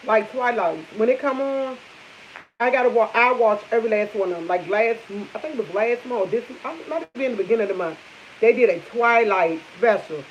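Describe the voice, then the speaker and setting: A fairly quick, somewhat high-pitched woman's voice. She's a vlogger chatting casually with live viewers over her morning coffee, rambling and repeating herself, and the audio is dull and lo-fi with a faint hiss.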